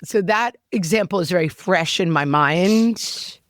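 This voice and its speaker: A woman co-hosting a podcast in casual chat, with wry, deadpan humor. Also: on the low side, unhurried, dry recording, clean studio sound. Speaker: podcast co-host.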